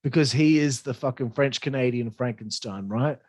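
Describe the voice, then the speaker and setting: A man giving a blunt, profanity-heavy solo review of a wrestling show, excitable and opinionated. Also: mid-range voice, moderate pace, no echo. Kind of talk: casual solo review monologue.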